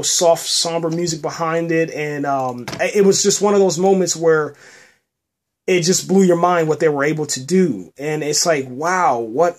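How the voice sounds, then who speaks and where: A man hosting a podcast, recapping a TV episode in a loose, halting way, often restarting and tacking "man" onto his sentences. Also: fairly high pitch. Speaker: podcast host reviewing a TV episode. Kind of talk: casual spoken review.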